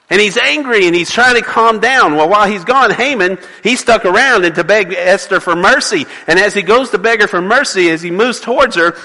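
High-voiced, bright male preacher in a hall. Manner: animated storytelling, asks the congregation for responses. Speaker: pastor. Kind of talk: sermon. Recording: long reverb of a large hall.

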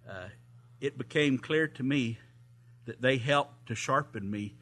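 A man's voice: mid-range voice, a little slow, a bit bright. A man preaching to a congregation, retelling a camp story in a sermon with frequent hesitations and chuckles. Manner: hesitant, many uh fillers, chuckles. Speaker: pastor reading a volunteer's story.

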